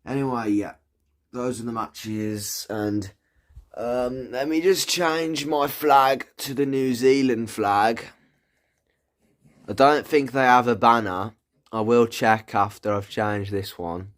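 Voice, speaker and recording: A man's voice: mid-range voice, slow pace. A man giving casual, rambling commentary while playing a video game, swearing and thinking aloud. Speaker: gaming video creator.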